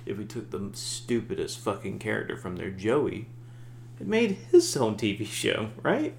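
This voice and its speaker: A man co-hosting a podcast in casual chat, animated and swearing freely, slipping into mock voices. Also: on the low side, moderate pace, gravelly, reverberant, a little hiss or hum. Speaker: podcast co-host.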